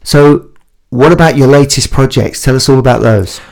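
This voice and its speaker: A man's voice: medium pitch, moderate pace, gravelly. A man hosting a podcast, asking questions in a friendly, encouraging way and laughing along with his guest. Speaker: podcast host. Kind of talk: casual interview chat.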